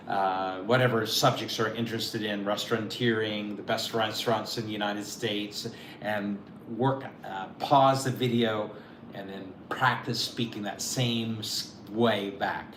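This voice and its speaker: Male mock visa officer, encouraging, echoey room, faint hiss. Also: lowish voice. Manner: encouraging, repeats words often. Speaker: mock visa interviewer and consultant. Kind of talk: mock interview and coaching.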